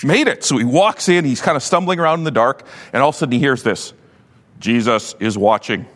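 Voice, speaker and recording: Animated pastor preaching in a reverberant hall. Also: male voice, a little high, fast talker. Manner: animated, joking storyteller. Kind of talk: sermon.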